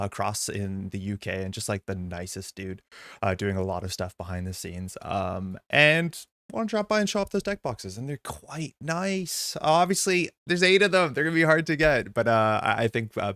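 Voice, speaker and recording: A man's voice: lowish voice, normal speed, a bit bright, dry recording. A man hosting a live card-game stream, chatting casually and greeting viewers in chat. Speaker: streamer host.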